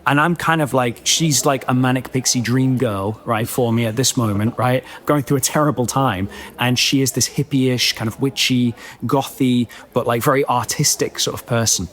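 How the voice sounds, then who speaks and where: A man telling a comic story on a podcast, animated and self-mocking, with many chatty asides. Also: mid-range voice, normal speed.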